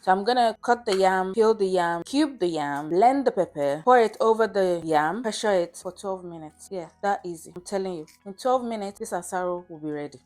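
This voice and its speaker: A woman's voice: medium pitch, lively intonation, moderate pace, hardly any pauses, a little mellow. A Nigerian woman hosting a casual cooking vlog from her home kitchen, chatty and playful, laughing often. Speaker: host.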